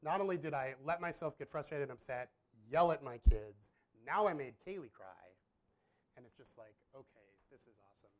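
A pastor in his thirties tells a personal story in a fairly high, animated voice at a fairly quick clip. It's casual storytelling, candid and rambling, with plenty of laughter and self-deprecation.

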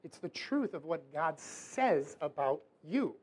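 A man preaching a sermon to a room, in a casual, chatty way with quick asides. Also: high-pitched, animated, a little mellow, husky. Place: church hall with audience.

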